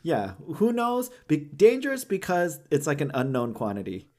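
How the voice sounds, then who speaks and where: A man's voice: on the high side, wildly swooping pitch, normal speed, a little mellow. A laughing, casual male co-host. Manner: laughs often, many "like" fillers, acts out quoted voices. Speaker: podcast co-host. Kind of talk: casual chat.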